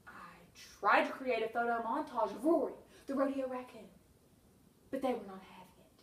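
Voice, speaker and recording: A woman reading her own humorous memoir with wry, deadpan comic timing and sudden bursts. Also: a little high, normal speed, roomy sound, recorded from a distance, rough recording.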